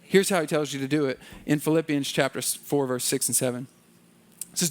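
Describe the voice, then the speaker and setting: High-voiced pastor preaching a casual sermon. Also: male voice. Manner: conversational preaching with quick acted asides; drops to a low, soft voice in prayer. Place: church.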